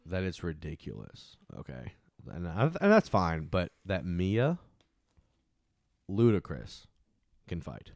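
Male podcast co-host, low animated voice, quick casual movie talk. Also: no echo, studio quality. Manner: animated, quotes characters in put-on voices. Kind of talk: casual movie review chat.

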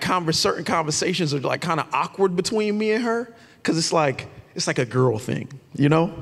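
A man preaching a lively, conversational sermon, shouting out his key points. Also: fairly high pitch, gravelly, long reverb tail. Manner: animated and conversational, with shouted emphasis. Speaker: pastor.

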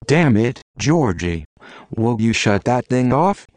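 A man voicing a naive, sweet young female college student in an audiobook, light and unhurried. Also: mid-range voice, very animated, darkish tone, no echo. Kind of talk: audiobook narration of literary fiction.

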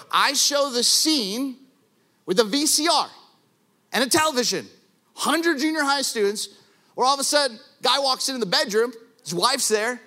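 A high, bright male voice preaching a sermon. He is an animated storyteller who jokes at his own expense and swells to shouting when driving a point home. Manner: self-deprecating humor. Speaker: pastor.

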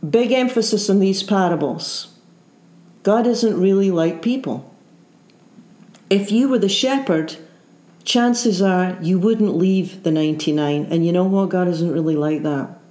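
A woman's voice: fairly low pitch, a little mellow. A woman preacher giving an earnest sermon, full of rhetorical questions and repeated phrases. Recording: roomy echo.

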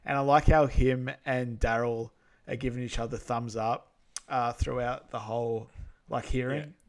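A man co-hosting a casual film recap over an online call. He retells scenes in an easygoing, halting way with frequent ums, his voice sitting at a middle pitch. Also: fairly even intonation. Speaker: podcast co-host. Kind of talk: casual movie recap narration.

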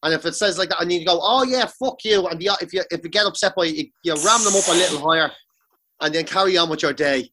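An Irish man telling stories in a casual comedic rant, sweary and animated. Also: on the high side, quick pace, background noise. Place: sitting on the floor of a room.

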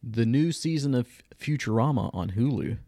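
A man's voice: medium pitch, animated, normal speed, mellow, dry recording. A man co-hosting a podcast, casually reviewing shows in a laid-back way and giving dry verdicts. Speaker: podcast co-host.

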